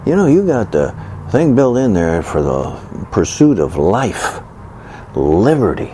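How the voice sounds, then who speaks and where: A man rants in a loose, conversational monologue, sarcastic and indignant as he mocks the other side with gasps and sighs. His voice leaps up and down through a lively range, with a mellow, darker tone. He hammers points home by repeating short phrases. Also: lowish voice, unhurried, a little hiss or hum. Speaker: commentator. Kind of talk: political opinion rant monologue.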